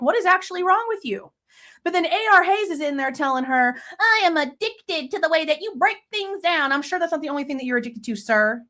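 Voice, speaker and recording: A woman, her voice pitched high, tears into people in heated, profanity-laced true crime commentary. She talks straight into a desk mic as a faceless channel host. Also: a bit bright. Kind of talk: angry ranting commentary.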